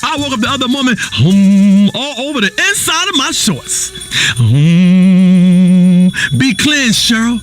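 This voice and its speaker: A manic, high-voiced radio guru doctor. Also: male voice, lively intonation, moderate pace, few pauses, music in the background. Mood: preachy. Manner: rambling, humming, sudden shouting, wild swings. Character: erratic self-styled spiritual doctor, adult man, volatile and preachy. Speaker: radio health show host. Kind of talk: comedic talk radio acting.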